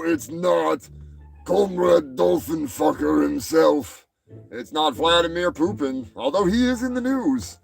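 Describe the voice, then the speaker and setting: A man with a high, gravelly voice tears into people in a crude, profane comedy rant. He talks in a loose, mocking way and breaks into shouting when he gets worked up. Soft music runs faintly behind him. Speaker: podcast host.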